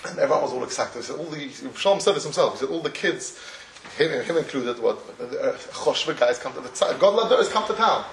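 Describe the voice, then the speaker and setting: A man's voice: on the high side, animated, fast, a little hiss or hum. A man giving a Torah lecture, telling stories animatedly with many restarts and chuckles. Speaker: Torah teacher. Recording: echoey room, distant mic, faint ambience.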